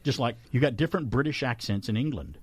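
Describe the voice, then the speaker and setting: Male radio host, animated trivia reader, lively pitch, dry close studio mic. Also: fast talker, breathy edge, dry recording. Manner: animated, reads out numbers, laughs often. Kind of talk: casual radio trivia chat. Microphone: studio microphone.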